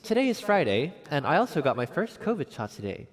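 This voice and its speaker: A man's voice: on the high side, big pitch swings, a little fast, long reverb tail. A young man from Connecticut chatting casually on a piano livestream from home, upbeat and chatty with gleeful exclamations. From Connecticut, USA. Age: young adult.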